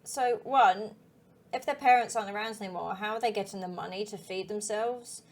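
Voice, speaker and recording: A woman's voice: mid-range voice, a little fast. Thoughtful woman playing a game. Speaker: gaming channel host. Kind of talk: game commentary.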